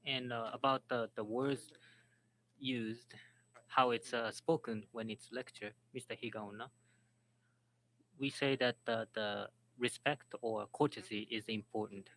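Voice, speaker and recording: A man moderating and interpreting at a symposium, speaking haltingly and restarting words. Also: medium pitch, steady tone, fairly bright tone, a little hiss or hum, poor audio. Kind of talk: symposium panel talk.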